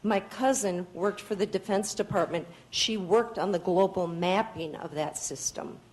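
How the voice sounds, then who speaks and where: A woman's voice: mid-range voice, unhurried, darkish tone, poor audio. A woman giving public testimony at a hearing, speaking earnestly and pleading, and she sounds tired. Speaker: public commenter.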